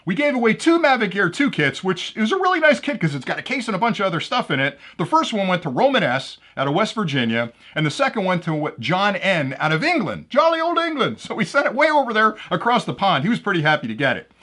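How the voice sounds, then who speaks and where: A man's voice: sits high, very animated, quick pace, hardly any pauses, bright, forceful tone. A man hosting his own channel, casually announcing giveaway winners and telling jokes he laughs at himself. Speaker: drone channel host.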